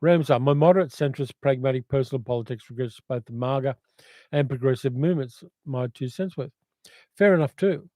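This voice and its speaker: Older Australian man, dark mellow voice. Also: medium pitch, fairly quick, dry recording. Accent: educated Australian. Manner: reflective, rambling, reads comments aloud. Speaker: livestream host. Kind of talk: casual livestream chat reading viewer comments.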